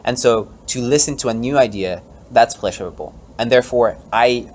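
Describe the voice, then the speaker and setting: A man hosting a casual podcast debate, animated and hesitant, often swearing and restarting. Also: mid-range voice, moderate pace, slight background noise. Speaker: podcast host.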